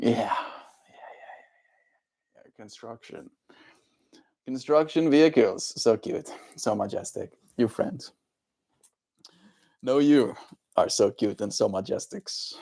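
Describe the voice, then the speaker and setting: Gentle, encouraging man streaming live. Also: mid-range voice. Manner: gentle, encouraging, talks straight to viewers. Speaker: livestreamer. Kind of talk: casual livestream chat reading viewer comments.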